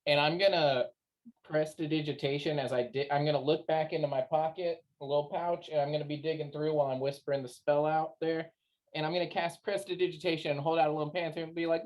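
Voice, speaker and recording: A woman's voice: deep voice, steady tone, quick pace, darkish tone. A woman player in a tabletop game, playfully describing her character's actions.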